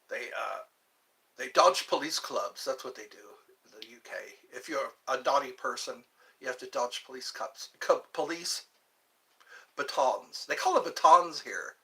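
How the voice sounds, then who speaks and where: Slow-talking, lively-pitched man streaming. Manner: rambling and jokey, drifting between topics. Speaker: livestream host. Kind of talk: casual livestream chat answering viewer questions.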